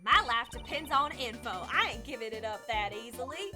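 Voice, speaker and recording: Streamer girl doing a loud cocky southern reporter lady, high and bouncy, game music underneath. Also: expressive, normal speed, lightly acted. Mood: pushy. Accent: American Southern. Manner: pushy, cocky drawl. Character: brash nosy young female reporter.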